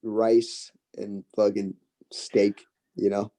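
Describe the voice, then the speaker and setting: A man's voice: on the low side, flat delivery, extremely slow, warm tone. A man who is a comedy guest on a podcast, chatting casually with dry jokes and frequent laughs. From United States. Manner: laid-back, dry jokes, laughs often.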